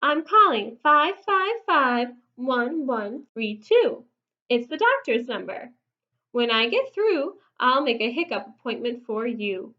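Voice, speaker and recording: A woman voicing a sensible mother bear who gives brisk rhyming instructions in a storybook read-aloud. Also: on the high side, big pitch swings, highs cut off.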